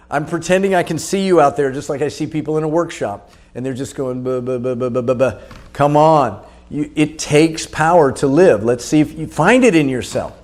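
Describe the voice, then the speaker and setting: A man's voice: fairly high pitch, a little mellow. A middle-aged man teaching a guided anger exercise, coaching and urging the listener on.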